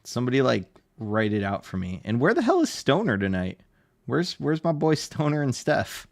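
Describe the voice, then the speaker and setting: A man who livestreams art and works as a tattoo artist jokes with his viewers, teasing and laughing throughout. His creaky mid-range voice swoops wildly in pitch at a normal speed, and the recording is dry.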